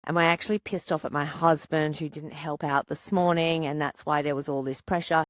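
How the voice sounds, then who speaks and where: A woman psychologist hosting a podcast, calmly coaching parents and asking rhetorical questions. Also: sits low, brisk, no room sound, studio quality. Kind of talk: podcast monologue giving parenting advice.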